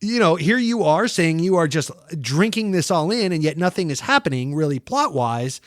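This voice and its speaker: A man's voice: on the high side, big pitch swings, normal speed, dry recording. A man co-hosting a film podcast who talks with enthusiasm and swears freely. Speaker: podcast co-host. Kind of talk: casual film review chat.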